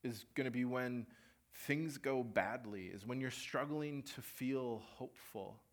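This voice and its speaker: A young man preaching in a relaxed, conversational way, mid-pitched, sharing a personal story. He brings in what others said with a bit of performance and keeps his talk down to earth. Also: unhurried. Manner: conversational, animated storytelling with acted-out quotes.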